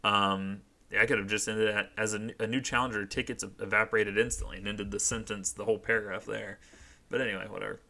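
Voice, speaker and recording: A young man mocking his own teenage writing in a comic read-through. His voice is on the low side yet bright and forward, the tone dry and self-deprecating. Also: level tone, quick pace, vocal fry. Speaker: channel host.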